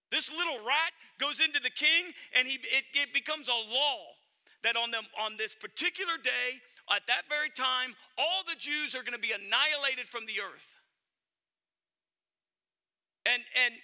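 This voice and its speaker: A man's voice: very high voice, sharp tone. A male pastor preaching a sermon in an earnest, emphatic way, speaking directly to his congregation.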